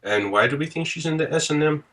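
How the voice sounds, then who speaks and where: A man's voice: a little high, animated, fast, a bit bright. A man from Michigan, joking and teasing his friends during a tabletop game. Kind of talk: casual chat at a tabletop game.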